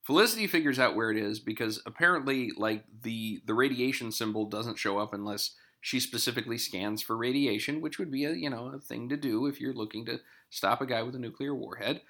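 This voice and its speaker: Man, middle pitch, bright edge, chatty episode recap full of wry tangents. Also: a little fast, few pauses. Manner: chatty, digressive, wry asides.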